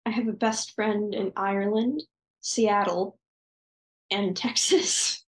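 A woman's voice: medium pitch, steady tone, takes it slowly, echoey room, rough recording. A teenage girl in seventh grade, answering interview questions with enthusiastic, gushing bursts over a video call. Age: teenage 7th grader. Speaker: student guest.

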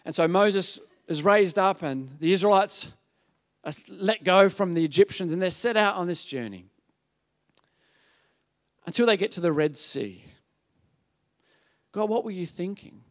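A man preaching a sermon, telling a story in an animated way, acting out voices and often asking the audience "yeah?". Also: sits high, moderate pace, pauses often.

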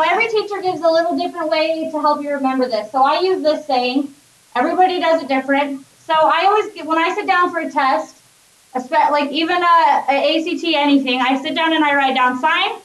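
Woman math teacher, upbeat, high voice, echoey classroom, distant mic. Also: a bit bright. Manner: upbeat, checks in with students often. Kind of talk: classroom lecture.

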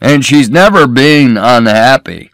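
A man voicing a loud, greedy old businessman in a cowboy hat, bragging slowly. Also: mid-range voice, expressive, no room sound, pitched above the performer's own voice. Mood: boastful. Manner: boastful, slow and raised.

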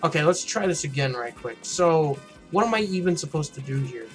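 A man with a slightly higher voice, casually talking through a game he is playing. He is blunt and mocking and swears often as he commentates. Faint game music sits behind him. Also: expressive, fairly quick. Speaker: gaming channel host.

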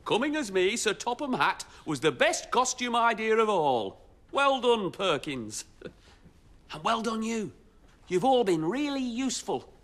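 A man voicing a pompous, portly older railway boss in a children's show, speaking low and grandly. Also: very animated, measured pace, a bit bright, a little hiss or hum, heavily acted. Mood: proud. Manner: pompous, congratulatory.

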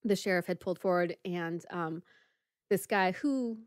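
Lively woman podcaster telling a story. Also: lowish voice, moderate pace, smooth, no room sound, clean studio sound. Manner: lively storyteller, many "like" fillers, acts out the people in the story. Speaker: podcast co-host. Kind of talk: casual chat, telling a story.

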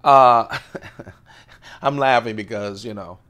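Slow and a bit bright, with a medium pitch, a man in his late fifties rambles through a vlog about what's in his pockets. His casual show-and-tell is talkative, frequently broken by laughter and side tangents.

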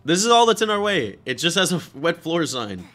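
A man's voice: on the high side, big pitch swings, a little fast, a bit bright. A young man who teases his friend while chatting through a video game. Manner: teasing, chatty, says bro a lot. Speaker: gaming YouTuber. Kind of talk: playful gameplay commentary. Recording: faint game music behind.

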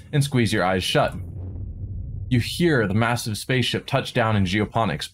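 A man streaming a game, reading a visual novel aloud with dramatic narration and quick asides of his own. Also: medium pitch, slight background noise. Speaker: let's play streamer.

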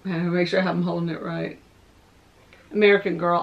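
A woman with a voice going hoarse, rambling as she shows off her thrift finds at home. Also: on the low side, little pitch movement, brisk, highs cut off. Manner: rambling, chatty, thinking aloud. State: losing her voice. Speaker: vlogger showing thrift finds. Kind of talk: casual show-and-tell chat. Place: home room with window open. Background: dogs barking.

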